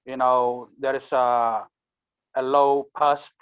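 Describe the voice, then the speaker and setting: A man who is a refugee recounting his arrival in a steady, measured way, with many fillers. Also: medium pitch, clean tone. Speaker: refugee speaker. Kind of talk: speech at an online launch event. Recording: tinny phone-like line.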